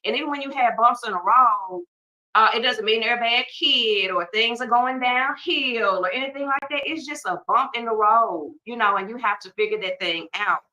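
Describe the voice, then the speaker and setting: A bright, forceful woman of middle age talks to her podcast listeners in a colloquial, emphatic way and breaks in with joking asides. Her voice sits a little back from the mic. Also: on the high side, normal speed, distant mic, rough recording. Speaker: podcast host. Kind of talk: casual heartfelt talk.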